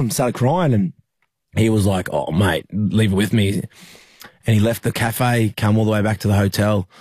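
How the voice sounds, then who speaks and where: Telling a personal story during an interview, this young Australian man, who plays rugby league, stumbles through with frequent fillers and restarts. His voice is on the low side and darkish, recorded dry.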